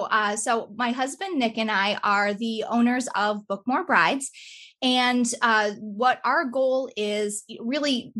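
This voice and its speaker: A woman's voice: on the high side, a bit bright. A woman with a nasal Midwestern American accent, a podcast guest speaking in a friendly way with many fillers. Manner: friendly, filler-heavy, tags "right?". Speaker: guest, marketing business owner. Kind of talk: casual podcast interview.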